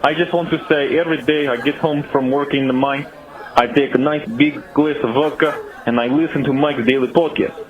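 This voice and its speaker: A man's voice: on the high side, steady tone, brisk, phone-quality sound, crowd noise, voice pushed up, natural voice. Man putting on a goofy Russian caller. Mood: goofy cheerful. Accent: fake Russian. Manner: broken English, rambling, jokey. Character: Russian male caller, mine worker, goofy and cheerful.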